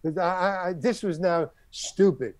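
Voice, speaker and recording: An older man, appearing as a guest actor, tells a long anecdote and animatedly acts out the other people's lines. His voice is high-pitched and unhurried, with no room sound.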